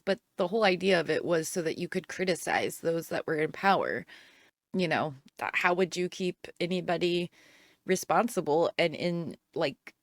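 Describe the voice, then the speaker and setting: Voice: mid-range voice, dry recording, studio quality. A speaker in a played clip, talking casually and working through a thought with fillers. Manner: casual, thinking aloud with fillers.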